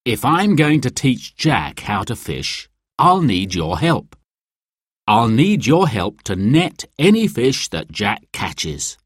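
A man's voice: mid-range voice, wildly swooping pitch, takes it slowly, slightly rough, dry recording, clean studio sound, heavily acted. A man voicing a cheerful, patient uncle who loves to fish, in a storybook reading.

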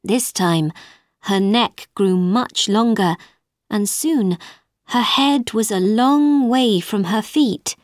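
A woman narrating a children's storybook, reading slowly, clearly and expressively. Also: mid-range voice, no room sound, clean studio sound.

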